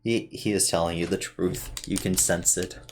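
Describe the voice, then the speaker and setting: Very low-voiced woman game master. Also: steady tone, normal speed, background noise. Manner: casual, hesitant with fillers. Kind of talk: narrating a tabletop game.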